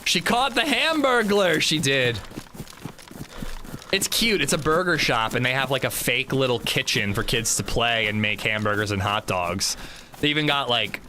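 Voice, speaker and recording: A man's voice: medium pitch, normal speed, pushed and bright, a little hiss or hum. A man livestreaming a game, chatting casually and telling stories, swearing and acting out the quotes. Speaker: streamer. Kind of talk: casual livestream chat while gaming.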